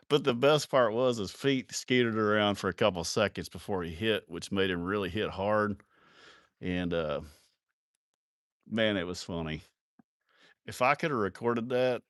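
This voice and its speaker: A man's voice: fairly low pitch, lively intonation, normal speed, no room sound, clean studio sound. A man telling rowdy, profane bar stories in a live stream, often laughing as he talks. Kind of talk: casual storytelling.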